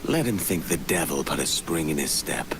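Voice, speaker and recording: An actor playing a brash young pirate captain with a Welsh accent, cocky and scheming. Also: male voice, very deep voice, animated, normal speed. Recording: noisy game audio.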